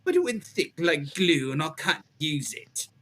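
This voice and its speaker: A man voicing a gleeful male Victorian killer with a put-on British accent, reading a taunting letter in a halting, mocking way. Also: fairly high pitch, wildly swooping pitch, sharp tone, full character voice. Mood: gloating. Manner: mocking, cackling, halting read.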